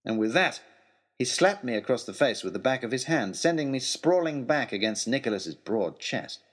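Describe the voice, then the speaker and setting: A man narrating a children's adventure story in a dramatic, expressive storytelling manner. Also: mid-range voice, moderate pace.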